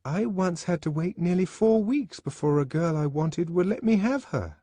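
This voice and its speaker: A man's voice: high voice, animated, normal speed, mellow, dry recording, pitched above the performer's own voice. A man doing a nervous, earnest schoolboy. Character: hesitant schoolboy, nervous and eager.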